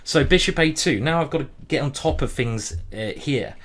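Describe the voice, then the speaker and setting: A man streaming a simultaneous chess display, thinking aloud move by move in a hurried way and humming as he ponders. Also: medium pitch, lively intonation, fairly bright tone. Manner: hurried, juggling many boards. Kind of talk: live-stream chess commentary.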